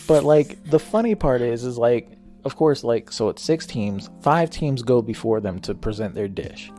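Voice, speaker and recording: A man's voice: mid-range voice, expressive, moderate pace, dark tone, faint music behind. A young man co-hosting a podcast, telling a story in casual, profane chat and often breaking into laughter. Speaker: podcast co-host. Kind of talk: casual chat, retelling a show with acted quotes.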